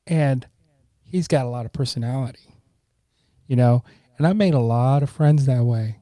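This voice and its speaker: A middle-aged man talks as a podcast guest, easygoing and unhurried, sometimes acting out the voices of old friends. His voice is dark and mellow. The sound is dry and close, with no room echo. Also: medium pitch. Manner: relaxed, warm, acts out quoted friends. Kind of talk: casual storytelling.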